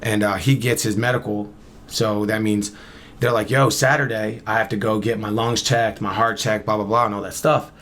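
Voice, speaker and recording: Here the same kind of speaker, a thirty-something podcast guest from Camden, New Jersey, tells a lengthy story in a relaxed way, voicing both people in the exchange. He talks at a moderate pace in a lower, slightly bright voice with fairly even intonation.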